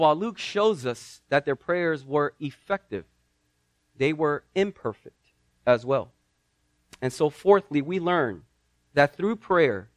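High-voiced man preaching a dramatic sermon. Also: fairly bright tone, dry recording. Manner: dramatic, acts out the story's voices. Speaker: pastor.

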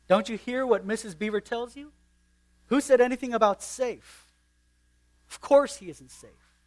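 Man reading a stern storybook beaver, emphatic, high-pitched, loud and insistent. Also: very animated, slow pace, gravelly, full character voice. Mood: indignant.

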